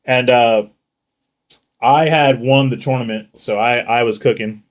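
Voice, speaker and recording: A man's voice: medium pitch, fairly even intonation, unhurried. Profane, laughing young man telling stories. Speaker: podcast co-host. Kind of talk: casual chat.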